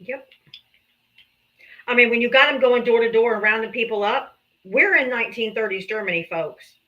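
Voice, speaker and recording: A woman, a mother, hosting a live political talk stream in casual, animated chat, swearing freely. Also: fairly high pitch, moderate pace, lo-fi sound. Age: adult mother. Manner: animated, swears freely, slips into comic voices.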